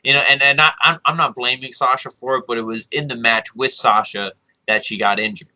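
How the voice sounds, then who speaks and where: A man with a strikingly bright, sharp tone talks through a wrestling show in a loose podcast chat. He rambles and gets animated, slipping into quick acted-out lines of what was said. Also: medium pitch, low-quality recording.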